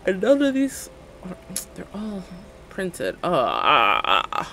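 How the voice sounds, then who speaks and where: A young woman in her twenties chats while she streams a game, giggly and rambling, with "like" in almost every sentence. Her pitch jumps around a lot while her delivery stays slow and drawn out. Soft music plays faintly behind her. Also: wildly swooping pitch, creaky. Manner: giggly, rambling, full of "like" fillers. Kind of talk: casual livestream chat while playing a game.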